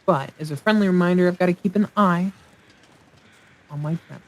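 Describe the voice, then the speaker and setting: A man's voice: sits high, normal speed. A man hosting a let's play, giving casual gameplay commentary and rambling aloud as he thinks, often mocking himself.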